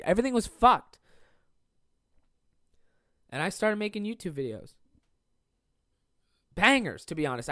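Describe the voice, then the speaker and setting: A man's voice: high-pitched, no room sound. Profane rambling young man, dry sound. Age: 20s. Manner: rambling, profane, self-deprecating. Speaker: podcast host and stand-up comedian. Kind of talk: casual solo podcast monologue.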